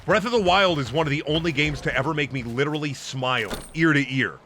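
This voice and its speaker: A man's voice: fairly high pitch, quick pace, sharp tone, slight background noise. A young man streaming, ranting emphatically and swearing heavily in casual talk.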